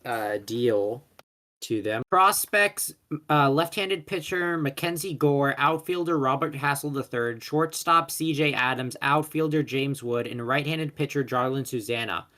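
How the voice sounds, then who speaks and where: A man's voice: mid-range voice, unhurried, bright, forceful tone. A young man co-hosting a casual sports podcast, rambling, stumbling over names and correcting himself as he goes. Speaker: co-host.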